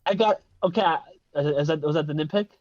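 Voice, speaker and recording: A man co-hosting a casual film review podcast, talking haltingly, repeating words and laughing often. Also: on the high side, a little mellow, dry recording. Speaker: podcast co-host. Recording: dull lo-fi dry sound.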